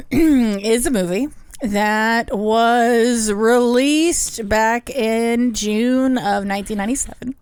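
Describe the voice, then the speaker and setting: Woman cohost on a podcast, higher voice, dry wry humor, close dry mic. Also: takes it slowly, darkish tone, clean tone, no echo. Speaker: podcast co-host. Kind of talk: casual podcast chat.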